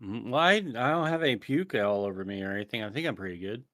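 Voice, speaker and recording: A man's voice: fairly low pitch, lively intonation, fast talker, fairly bright tone, dry recording, clean studio sound. A man co-hosting a podcast in casual banter, laughing and swearing through jokey asides. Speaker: podcast co-host.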